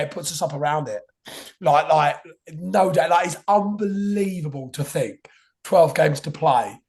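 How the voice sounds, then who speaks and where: A young man hosting a casual football podcast. His voice is hoarse and half gone, and he talks in an excitable, rambling way. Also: a little high. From England. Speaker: podcast host.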